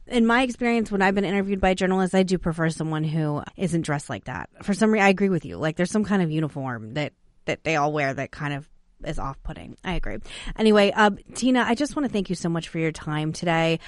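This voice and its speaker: A woman's voice: lowish voice, lively intonation, quick pace, no room sound, clean studio sound. A woman in her thirties hosting a podcast, chatting casually with her guests and using many fillers. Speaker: podcast host. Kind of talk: casual interview chat.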